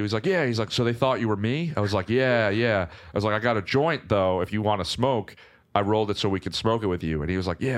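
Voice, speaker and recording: A young man telling a long story as a podcast guest, casual and animated, full of "like" fillers and restarts. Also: lowish voice.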